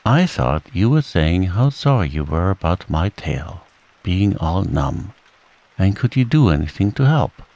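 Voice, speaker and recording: A man's voice: low voice, big pitch swings, unhurried, creaky, warm tone, heavily acted, low-quality recording. A man doing gloomy old donkey Eeyore. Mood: glum. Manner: mournful, sighing complaints. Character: gloomy old grey donkey, self-pitying and slow.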